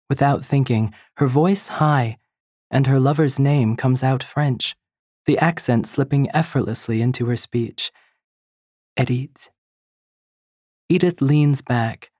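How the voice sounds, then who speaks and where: A narrator reading literary fiction in a slow, measured storytelling voice. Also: medium pitch, a little mellow, dry recording, studio quality. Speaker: audiobook narrator.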